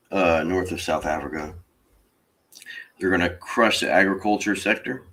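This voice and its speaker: A man's voice: low voice, fairly bright tone. A man explaining politics in a casual, rambling way with many fillers.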